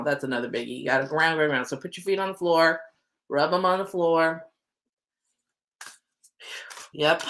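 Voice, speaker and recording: A woman's voice: sits low, pushed and bright. A woman hosting a casual livestream oracle card reading, chatty and playful, with some casual swearing. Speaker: oracle card reader and manifesting coach. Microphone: desk setup with computer screens.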